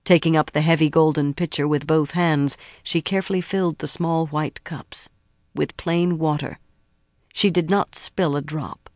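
Audiobook narrator, steady even storytelling, mid pitch, dry studio sound. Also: normal speed, no echo. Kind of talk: scripted fantasy narration.

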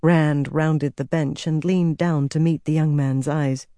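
A woman narrating a fantasy audiobook in a measured, steady way. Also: deep voice, no echo.

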